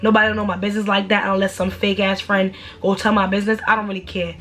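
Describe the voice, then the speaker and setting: A young woman telling a storytime in a blunt, animated, slangy way, with sudden high exaggerated outbursts. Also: fast talker. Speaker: storytime vlogger. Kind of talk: casual storytime rant.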